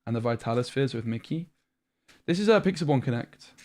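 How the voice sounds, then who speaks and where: A man's voice: medium pitch, lively intonation, a little fast, a little mellow. A young British man streaming a card game, thinking aloud in a chatty way, tired after a long session. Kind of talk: live-stream commentary while playing a card game.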